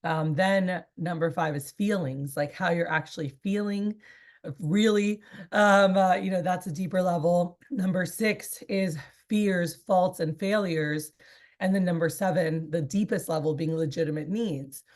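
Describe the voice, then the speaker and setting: Woman, 30s, sales team leader; lower voice, casual and rambling training talk. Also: unhurried, darkish tone. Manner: chatty, rambling with many fillers.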